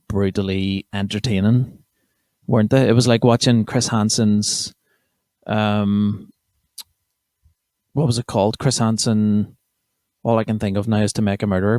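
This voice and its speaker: A young man from County Armagh, Northern Ireland, hosts a comedy podcast with a Northern Irish accent, delivering a casual monologue that rambles, swears, and interrupts itself. His voice is lowish, steady, mellow, and at normal speed. The studio-quality recording has no room sound.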